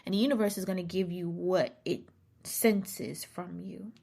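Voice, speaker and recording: Husky, gravelly woman podcast host. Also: lowish voice, steady tone, normal speed, mellow. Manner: emphatic, repeats key phrases, dips into near-whispers. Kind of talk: casual motivational monologue.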